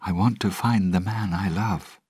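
A fierce young woman, disguised as a sailor, pleads urgently for help as a man voices her in a storybook reading. The voice is lifted well above a deep speaking voice and keeps a husky grain. It sounds close and dry, with no room around it. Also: fairly even intonation, measured pace, a little mellow, dry recording, exaggerated voice. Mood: pleading.

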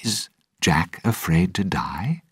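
An anxious young man full of questions, as a man reads him, lifting his voice higher. The tone stays husky, in a dry recording. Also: big pitch swings, slow, a little mellow, no room sound, heavily acted. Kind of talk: audiobook storytelling.

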